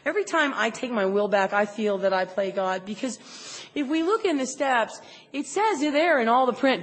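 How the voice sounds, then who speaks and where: Woman giving a lively personal testimony, higher register, long hall reverb. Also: normal speed. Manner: animated, acts out her own inner voice. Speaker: recovery meeting speaker. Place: large convention hall. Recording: echoey convention hall recording.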